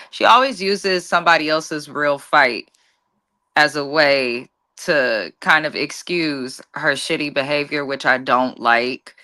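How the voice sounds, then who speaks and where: A woman's voice: deep voice, measured pace, pushed and bright. A woman co-hosting a reality-TV recap, giving her opinions in a blunt, profane rant. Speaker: co-host. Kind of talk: casual recap commentary.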